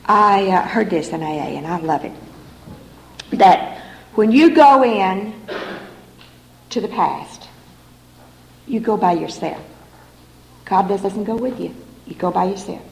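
Woman, middle-aged, unhurried gravelly voice, earnest testimony, echoey hall with faint noise. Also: medium pitch, animated. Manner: earnest, repetitive storytelling. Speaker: recovery meeting speaker. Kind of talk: personal testimony to an audience. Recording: echoey room recording, faint background noise.

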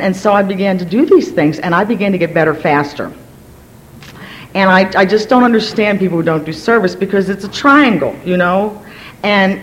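A woman from Virginia telling her recovery story to a gathering, energetic and hyper, rambling with many restarts and self-deprecating asides. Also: medium pitch, a little hiss or hum, poor audio. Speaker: speaker sharing at a recovery gathering. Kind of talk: personal story told to a gathering.

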